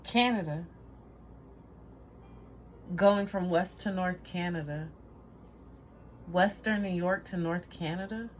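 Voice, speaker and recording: A woman's voice: fairly low pitch, slow pace, long pauses, slight background noise. A woman giving a casual tarot reading to camera, rambling, trailing off and laughing at herself. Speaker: tarot reader.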